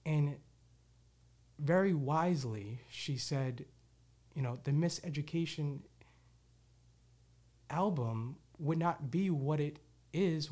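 A man's voice: a little high, a little mellow. A man hosting his own show, talking candidly and reflectively in a casual monologue, with loose restarts and the odd swear word. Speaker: podcast host.

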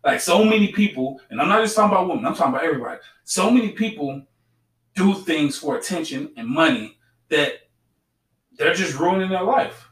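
A man's voice: a little high, animated, fairly quick, fairly bright tone, far from the mic. Blunt man, roomy and set back. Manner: blunt, preachy, repeats himself. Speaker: podcast co-host. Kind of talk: casual podcast chat.

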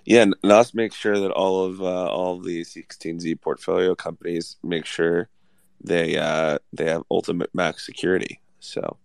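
A man's voice: low-pitched, fairly even intonation, normal speed, gravelly, no room sound. A man who just woke up, joking and hyped, laughing often as a guest on a live show. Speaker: project co-founder guest. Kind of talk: casual chat.

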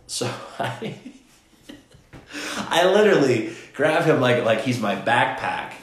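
A man's voice: medium pitch, big pitch swings, unhurried. A man hosting a podcast, telling a long casual story that rambles with restarts and "he's like" asides. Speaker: podcast host. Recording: echoey room.

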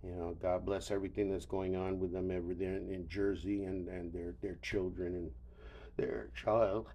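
Weary, stammering older man, low voice. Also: little pitch movement, moderate pace, mellow, slight background noise. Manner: weary, profane, stammering restarts. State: tired and yawning. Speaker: podcast host. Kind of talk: rambling solo monologue.

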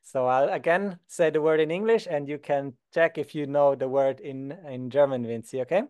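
A young Swiss man teaching beginners basic German, calm and patient, slowing down to model each word. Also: on the high side, clean tone, faint music behind. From Switzerland. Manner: patient, slows down to model words. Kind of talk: beginner language lesson.

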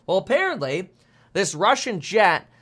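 A man's voice: high voice, sing-song, a little slow, fairly bright tone. A man in his thirties hosting a casual market commentary stream, chatty and jokey, with frequent fillers. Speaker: host.

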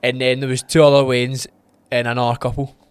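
A Scottish man telling lively stories on a podcast, voicing other people's lines with plenty of laughter. His voice sits at an ordinary male pitch, and the sound is dry and close with no room around it. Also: fairly quick, clear, resonant tone, dry recording. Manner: animated storyteller who acts out quotes and laughs often. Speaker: podcast co-host. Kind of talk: casual chat.

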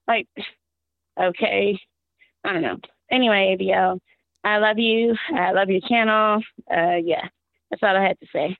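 A woman from Texas calling into a show, her voice hoarse and worn out, rambling and exasperated with frequent laughs. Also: mid-range voice, a little slow, long pauses, no room sound. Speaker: caller. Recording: tinny phone line.

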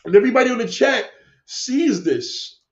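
A high-voiced man hosting a livestream answers his chat with a combative, preachy rant, swearing freely and repeating himself at a moderate, expressive pace. The room is echoey and the recording sounds dull and lo-fi.

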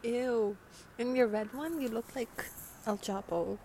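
A woman's voice: fairly high pitch, a little slow, dark tone, a little hiss or hum. A young woman hosting a podcast, rambling casually with slang and swearing, sounding congested from a cold. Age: teens. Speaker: podcast host. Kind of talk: casual late-night monologue. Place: by a window at night.

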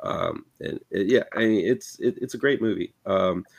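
A man co-hosting a casual movie review podcast, talking in halting bursts with many restarts. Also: lowish voice, creaky. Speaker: podcast co-host.

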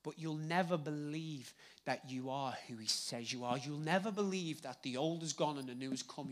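Lively Scouse preacher with a higher voice. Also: male voice. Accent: Liverpool (Scouse). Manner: conversational, swings between loud emphasis and hushed asides. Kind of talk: live sermon. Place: church hall with congregation. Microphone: handheld microphone.

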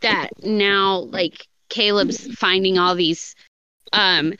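A woman's voice: mid-range voice, steady tone, takes it slowly, sharp tone, clean tone, no room sound. A woman co-hosting a podcast in casual chat, with chatty, reactive interjections, in dry, slightly muffled audio. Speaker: podcast co-host.

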